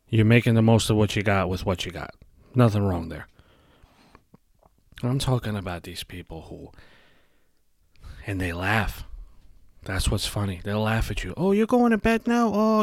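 A man's voice: fairly low pitch, dry recording, clean studio sound. A man hosting a solo podcast, ranting bluntly and emphatically with constant swearing. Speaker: podcast host. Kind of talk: profane solo podcast rant.

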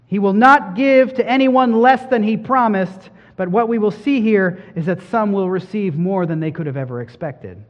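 A man with a high voice preaches a sermon, swelling to emphatic peaks and then falling back to hushed lines. His words ring out with a long hall reverb. The recording sounds dull and muffled. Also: lively intonation, normal speed, hardly any pauses. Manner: preaching with rising emphasis and soft drops.

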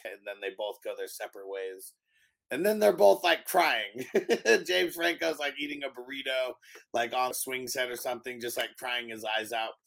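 Gravelly man chatting about a movie. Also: mid-range voice, moderate pace. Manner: animated retelling with laughs. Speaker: podcast co-host. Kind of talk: casual movie review chat.

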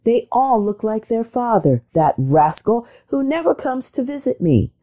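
A woman's voice: fairly high pitch, sing-song, a little slow, dark tone. A woman reading a storybook aloud, voicing a fussy, impatient mother duck who frets and boasts about her brood. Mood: proud. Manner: fretful, proud and chatty.

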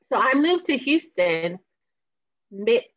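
A woman in her thirties from Boston, a podcast guest telling her story in casual chat, animated and laughing often, her throat a little hoarse. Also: a little high, extremely slow, highs cut off. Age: 30s. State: slightly hoarse, clearing throat.

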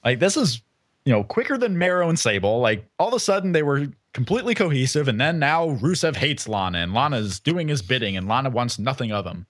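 A man's voice: mid-range voice, big pitch swings, fairly quick, fairly bright tone, no echo, clean studio sound. A man co-hosting a casual podcast, thinking aloud and hedging his predictions. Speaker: podcast co-host.

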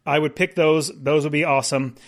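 A man with a slightly higher-than-usual voice talks casually as a podcast co-host. He rambles, restarts his sentences and laughs easily. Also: fairly even intonation, fairly quick. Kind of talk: casual chat.

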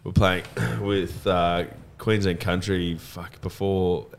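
A man's voice: sits low, fairly even intonation, slow, gravelly, a little hiss or hum. A man co-hosting a podcast, joking bluntly and swearing freely. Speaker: podcast co-host. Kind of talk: casual banter.

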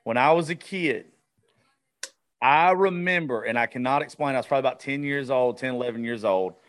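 A man's voice: medium pitch, brisk, a bit bright. A male podcast host in casual, profane chat, often stumbling and restarting his sentences.

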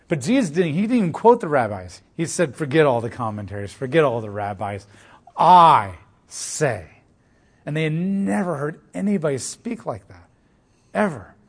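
A man's voice: on the high side, husky. A man preaching a sermon, explaining scripture in a loose, conversational storytelling way. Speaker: pastor.

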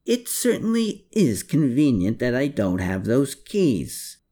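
A slippery, sardonic lawyer under questioning, put on by a male audiobook reader, his voice pitched higher than the reader's own and swinging up and down a lot. He fends off every question with dry, defensive quips. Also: wildly swooping pitch, slow pace, warm tone, heavily acted. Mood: wry, defensive.

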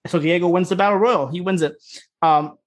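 A man's voice: high voice, fairly quick. A man co-hosting a podcast, recapping episodes in a rambling, casual way, swearing freely and acting out the characters' lines. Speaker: podcast co-host.

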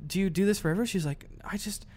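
A man's voice: sits high, fast, a little mellow. A young man co-hosting a podcast, telling a story in casual chat, swearing freely and acting out both sides. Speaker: podcast co-host.

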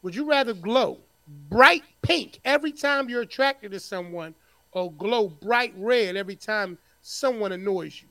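A man's voice: sits high, lively intonation, fairly bright tone, no echo. A man from New Jersey co-hosting a podcast, easygoing, reading out questions in casual banter. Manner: easygoing, reads questions slowly. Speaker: podcast co-host.

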